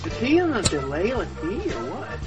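A man's voice: sits high, wildly swooping pitch, normal speed, muffled recording. A man co-hosting a podcast in casual chat, dropping dry side comments. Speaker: podcast co-host. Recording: distant mic over loud music.

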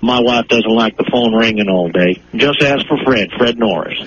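A man's voice: mid-range voice, moderate pace, fairly bright tone, close to an everyday voice. Brief: man doing a folksy husband caller, hesitant, dull lo-fi radio with hiss. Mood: sheepish. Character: husband selling wife's sewing machine. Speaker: prank caller. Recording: noisy lo-fi radio broadcast.

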